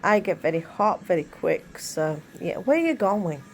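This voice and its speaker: A woman's voice: fairly low pitch, sing-song, moderate pace, low-quality recording. A woman chatting casually in her bedroom, rambling with many asides. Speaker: vlogger. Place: bedroom at home.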